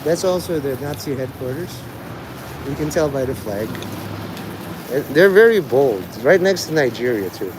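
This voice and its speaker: A man's voice: medium pitch, lively intonation, moderate pace, slight background noise, poor audio. A man vlogging outdoors in a city street, rambling with sardonic asides. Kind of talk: rambling live street vlog.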